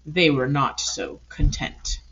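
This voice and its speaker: A woman reads a children's storybook aloud, her voice rising and falling with lively expression. The recording is a little dull and lo-fi. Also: sits low, slow, a little hiss or hum. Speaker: storybook reader. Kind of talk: picture book read-aloud.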